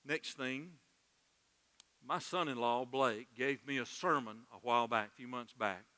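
A middle-aged male pastor preaching a sermon in a church, earnest and emotional, dropping soft and then swelling loud. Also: mid-range voice, measured pace, in a large hall. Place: church sanctuary.

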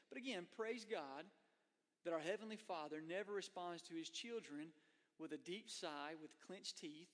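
A man's voice: on the high side, measured pace, a bit bright. A man preaching a conversational sermon as a pastor, slipping into voices for the people he quotes. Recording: long hall reverb.

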